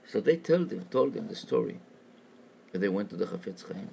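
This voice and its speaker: A man telling a religious story as a sermon, talking in halting, repetitive phrases. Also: lowish voice, lively intonation, vocal fry, mellow, a little hiss or hum.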